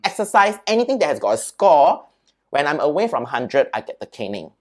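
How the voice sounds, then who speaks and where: A man with a Singaporean accent and a fairly high, fairly quick voice is a podcast guest telling childhood stories. He is a lively, animated storyteller, casually peppering his speech with "right?" and "lah."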